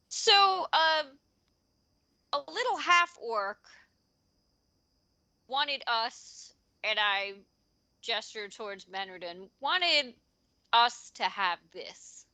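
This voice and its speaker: A woman's voice: a little high, animated, very slow, long pauses, pushed and bright, dry recording. A woman playing a tabletop game, speaking politely and tentatively. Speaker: player. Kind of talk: in-character tabletop play.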